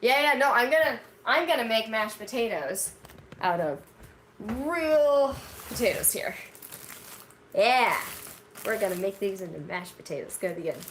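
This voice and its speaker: A woman's voice: mid-range voice, sing-song, moderate pace. Chatty woman in an echoey kitchen. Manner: chatty, rambling, lots of "like". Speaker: cooking vlog host. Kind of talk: casual chat to live viewers. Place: home kitchen, indoors. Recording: roomy kitchen, distant mic, audible background noise.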